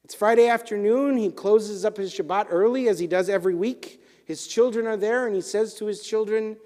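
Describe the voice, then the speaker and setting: A man leading a service, telling a sermon story and closing with a blessing in a measured, softening voice. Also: high-pitched. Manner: warm, measured storytelling that softens toward a hushed close. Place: synagogue chapel. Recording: long hall reverb in a chapel.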